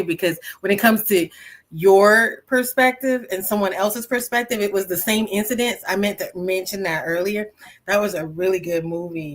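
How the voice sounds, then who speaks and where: A woman's voice: medium pitch, moderate pace. A woman co-hosting a casual spiritual podcast, telling personal stories and acting out her own shocked reactions. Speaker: podcast co-host.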